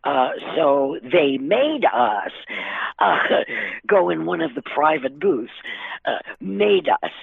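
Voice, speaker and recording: An older woman telling lively stories as an interview guest, laughing often and using many fillers. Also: deep voice, slow pace, vocal fry, slightly rough, no echo. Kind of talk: casual storytelling. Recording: dry tinny phone line.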